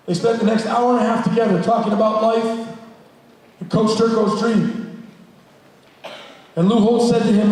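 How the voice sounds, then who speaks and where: A man who is a school coach and counselor tells a motivational story to a hall full of students, addressing them directly and plainly. His voice sits high. It sounds distant and echoes with a long reverb through the large room. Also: flat delivery, a little fast, a little mellow.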